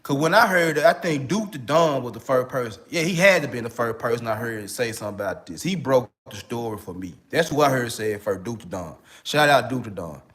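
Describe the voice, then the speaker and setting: A man's voice: mid-range voice, expressive, fairly quick, hardly any pauses, a bit bright. A man from Memphis with a Memphis accent, an online relationship coach getting over a cold, giving casual video commentary full of slang and repeated fillers. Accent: Memphis, Tennessee. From Memphis, Tennessee. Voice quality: slangy, repeats "you know what I'm saying".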